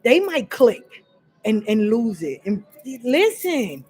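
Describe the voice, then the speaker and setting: A woman's voice: a little high, sing-song, takes it slowly, a little mellow, breathy edge. A woman talking straight to her audience in an unscripted monologue, blunt and profane, with emphatic repetition. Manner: fiery and direct, addressing listeners as y'all. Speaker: vlogger sharing personal experience.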